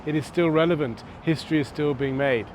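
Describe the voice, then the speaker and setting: A man's voice: fairly high pitch, brisk, a little hiss or hum. A man presents history outdoors on city streets, telling the story in a conversational, dramatic manner. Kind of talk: on-location history talk.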